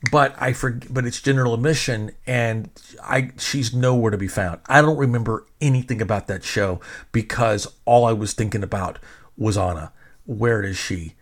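A middle-aged man casually telling a personal story in a rambling, self-mocking way, swearing freely. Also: medium pitch.

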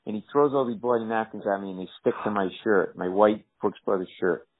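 Animated man telling stories, tinny audio. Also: a little fast, husky. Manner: animated, acts out quoted characters in higher voices. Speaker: comedian guest. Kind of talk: storytelling in a podcast interview.

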